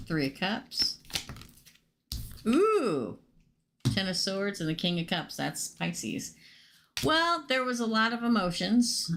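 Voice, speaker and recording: A woman's voice: lowish voice, background noise. A woman doing a casual live tarot reading, naming cards and chatting with viewers about their questions. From United States. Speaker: tarot reader.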